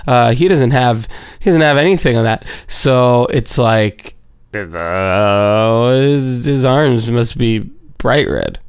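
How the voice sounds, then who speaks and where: A man's voice: medium pitch, takes it slowly, smooth, dry recording, studio quality. A man giving a casual, rambling episode recap, full of swearing and playful repetition.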